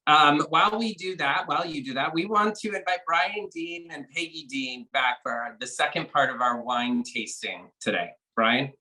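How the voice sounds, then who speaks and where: A man's voice: a little high, normal speed, hardly any pauses, bright, forceful tone, low-quality recording. A man hosting a charity event and handing off to the next speakers in an upbeat announcing style. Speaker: event host.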